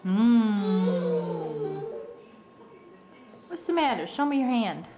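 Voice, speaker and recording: A woman at home talking slowly and playfully to a toddler while filming with a handheld camera, coaxing and sing-song. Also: a little high, very animated, over music.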